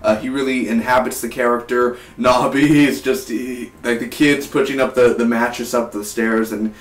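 A man's voice: mid-range voice, steady tone, normal speed. Rambling young man reviewing films. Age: 20s. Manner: rambling, restarts sentences, enthusiastic. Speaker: film reviewer. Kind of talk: casual vlog review. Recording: roomy, distant from the mic.

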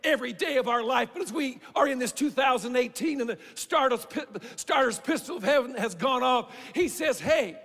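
Preacher guy, really high bright voice, gravelly, big church echo. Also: animated, normal speed, hardly any pauses. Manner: fervent preaching, swings between shouting and quiet. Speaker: pastor. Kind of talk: sermon. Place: church sanctuary.

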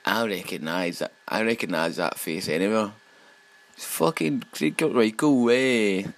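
A man with a Scottish accent giving sweary, excitable let's play commentary as he plays a game. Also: on the low side, moderate pace, poor audio.

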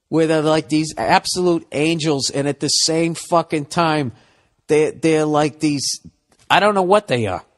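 A man's voice: fairly high pitch, a bit bright. A man hosting a podcast, ranting in a profane, exasperated comedic style and acting out both sides of arguments. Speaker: podcast host. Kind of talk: comedic rant.

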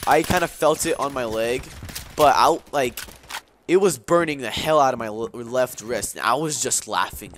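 A man's voice: mid-range voice, moderate pace, fairly bright tone, slight background noise. A young man casually telling a rambling story, with lots of swearing and fillers, while playing a shooter game. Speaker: gaming video host. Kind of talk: casual gameplay commentary and storytelling. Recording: gameplay gunfire and clicks behind the voice.

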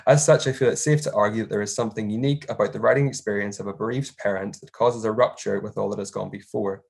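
A young man, a doctoral researcher, reading an academic paper aloud in a measured, formal way and marking each quotation aloud. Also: on the low side, steady tone, gravelly, a little mellow, breathy edge.

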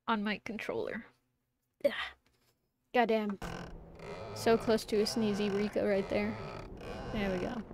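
A young woman with a somewhat high voice rambles through a live game stream, reading chat comments aloud and laughing between thoughts. A steady hiss of background noise sits under her voice. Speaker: VTuber streamer. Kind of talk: casual live-stream chat while gaming.

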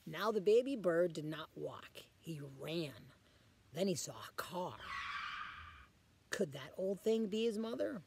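A man reading a picture book aloud to children as a guest reader, pausing often to ask the children questions. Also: sits high, lively intonation, creaky, darkish tone, a little hiss or hum.

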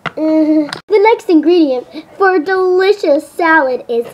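A woman's voice: very high voice, animated, a little slow, background noise. A young girl playfully hosting a toy cooking video with a friend, giggly and bossy. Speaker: video maker.

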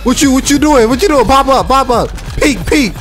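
An excitable gamer calls out plays while trash-talking opponents. The pitch swings wide and lively. Faint game music and gunfire sit behind the voice. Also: moderate pace. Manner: hyped, whooping, trash-talking. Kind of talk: live gameplay commentary.

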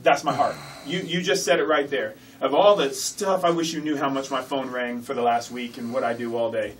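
A man who promotes fight events, talking excitedly in a casual radio studio interview. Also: mid-range voice, distant mic, slight background noise, rough recording. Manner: excited, fast-talking, jokey. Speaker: MMA fight promoter, guest.

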